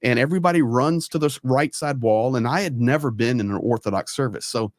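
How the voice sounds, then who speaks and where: A man hosts a casual online talk in an emphatic, storytelling manner, hammering his points home by saying them again. His voice sits at an ordinary middle pitch. The recording is dry and close, with no room sound around him. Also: brisk, no echo. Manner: emphatic, repeats points for stress. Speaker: host.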